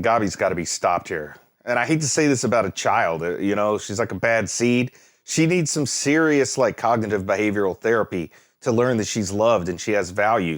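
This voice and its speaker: A man hosting an anime reaction, chatting casually, exclaiming and laughing at the screen, then musing aloud. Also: on the low side. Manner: muses aloud, thinking things through.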